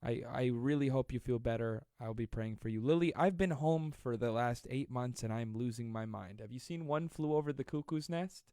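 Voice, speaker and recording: A man in his twenties hosting a live stream, reading viewer comments aloud and joking with a fast, self-deprecating manner. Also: mid-range voice, dark tone, no echo, studio quality. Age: 20s. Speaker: livestream host.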